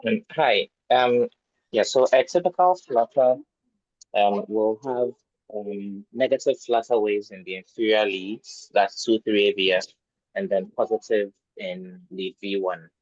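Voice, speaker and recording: A woman's voice: extremely low pitch, measured pace, a little mellow, no echo. A woman answering a quiz question hesitantly over a video call, with frequent filler ums. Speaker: participant. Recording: dull lo-fi remote audio.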